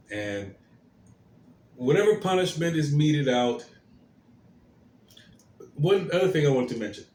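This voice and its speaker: A man of middle pitch delivers his commentary stream at a slow, unhurried pace. He hesitates often, filling gaps with fillers and restarting his phrases before they trail off softly. His voice carries a roomy echo over a faint background hiss. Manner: halting, many fillers and restarts, soft trailing endings.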